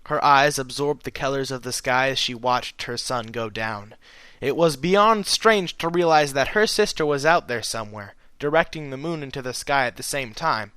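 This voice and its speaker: A man reading a fan fiction audiobook aloud in the first person, with an expressive, animated delivery. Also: mid-range voice, no echo. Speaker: narrator.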